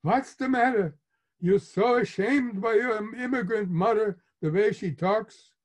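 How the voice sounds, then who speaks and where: A man's voice: high-pitched, measured pace, pitched above the performer's own voice. A man doing a mocking mother in Yiddish accent. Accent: put-on Yiddish. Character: theatrical scornful mother faking immigrant and posh voices. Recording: muffled lo-fi recording.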